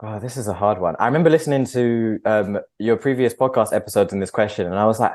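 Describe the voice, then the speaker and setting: A man's voice: lowish voice, fast talker, a little mellow. A man, a podcast guest, talking earnestly and reflectively in a conversational interview, with frequent fillers. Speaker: podcast guest, agency founder.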